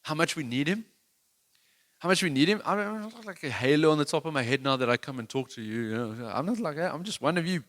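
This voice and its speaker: Earnest, higher-voiced male preacher. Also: fast. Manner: earnest, conversational, self-deprecating; animated, with many restarts. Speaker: worship leader giving a sermon. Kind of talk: sermon.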